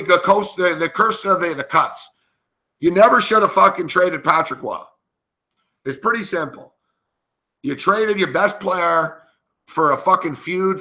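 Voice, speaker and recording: A man's voice: on the high side, sharp tone. A man commentating on a sports betting show, telling a rambling story and breaking into a heated, profane rant full of swearing.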